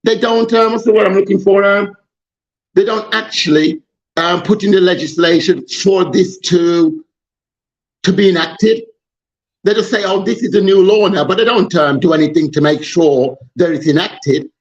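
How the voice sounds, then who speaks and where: A man's voice: high-pitched, moderate pace. Man, exasperated and rambling, dull recording. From Jamaica. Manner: passionate, exasperated, rambling with restarts. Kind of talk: casual political discussion.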